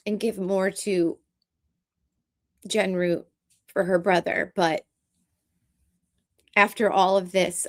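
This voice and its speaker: A woman vlogger talking in an earnest, halting, emotional way in casual commentary. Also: medium pitch.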